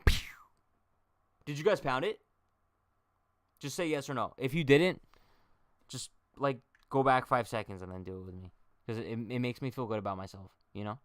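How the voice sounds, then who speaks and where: A man's voice: mid-range voice, moderate pace, pauses often, a bit bright, dry recording, clean studio sound. Chatty young man streaming baseball talk. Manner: chatty, jokey, talks to chat directly. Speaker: livestream baseball host. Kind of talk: casual livestream chat.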